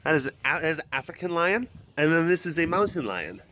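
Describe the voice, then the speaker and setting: A man's voice: very animated, a little fast, pushed and bright. A man hosting a casual walking vlog outdoors at an animal compound, goofy and talkative, chatting with the viewers and the big cats. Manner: playful, goofy and talkative, coaxing animals in a high voice. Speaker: big cat sanctuary vlogger.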